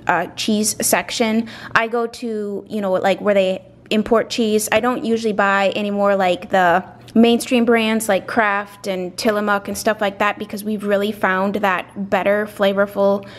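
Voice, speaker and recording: A woman, chatting casually and rambling through a grocery haul at home, a little out of breath, with many fillers and asides. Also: mid-range voice. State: slightly out of breath. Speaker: vlogger showing a grocery haul.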